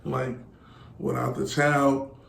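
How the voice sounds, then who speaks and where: A man in his thirties talks in a gravelly voice, blunt and profane, as a podcast guest. He often slips into quoting other people mid-story. The room is echoey, with a faint hiss underneath. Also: medium pitch, monotone, slow. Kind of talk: casual podcast chat.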